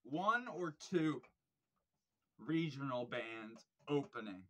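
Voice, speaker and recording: A man's voice: mid-range voice, expressive, slow. A young man hosting a record review vlog, rambling in casual chat with lots of fillers and swearing, getting keen about the music. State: frustrated while searching his shelves.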